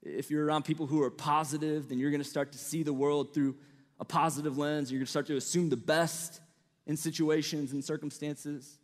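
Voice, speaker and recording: This young preacher's Midwestern accent has a slight Southern twang, and his sermon to college students is relaxed and conversational, full of stories, fillers and asides. His voice is high for a man and a little fast, ringing with the long reverb of a big hall.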